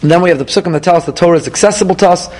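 A man, apparently middle-aged, leading a Torah class, lively and emphatic, reading Hebrew verses and paraphrasing them. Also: sits high, racing, slight background noise. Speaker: rabbi teaching weekly Torah portion.

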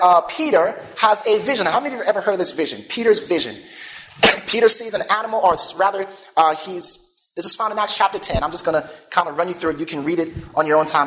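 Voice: medium pitch, a bit bright, low-quality recording. Preacher reading scripture and quizzing the audience. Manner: reads old-style scripture aloud, then explains it; asks the audience questions and leaves gaps for them to fill in. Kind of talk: sermon.

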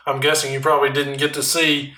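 A male interviewer who asks his questions quickly in a flat, level tone. His voice carries a noticeable room echo. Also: mid-range voice. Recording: echoey room.

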